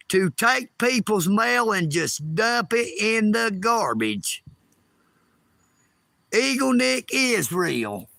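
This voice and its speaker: A high, gravelly male voice with a drawl talks slowly and loudly from his bedroom on a livestream. His tone is bright and sharp, and his talk is emphatic and self-promoting. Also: no echo.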